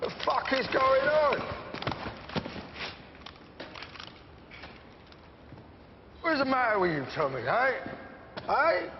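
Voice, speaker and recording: An actor playing a volatile middle-aged gangster, rambling and profane. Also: male voice, very high-pitched, sing-song, normal speed, full character voice. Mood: mocking. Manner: rambling, profane, swings between mumbling and shouting. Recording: muffled series audio, echoey hall, faint hiss.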